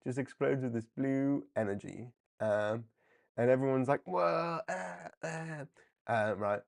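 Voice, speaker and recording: A man hosting a live comic book discussion, animated and often laughing as he briefly acts out characters. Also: medium pitch, moderate pace. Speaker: comic book livestream host. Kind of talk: casual live commentary.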